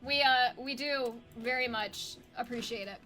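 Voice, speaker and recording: A woman co-hosting a live stream with her husband, chatty and quick to laugh. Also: fairly high pitch, pushed and bright. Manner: chatty, emotional, laughs a lot. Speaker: streamer's wife and co-host. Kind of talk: casual live-stream chat.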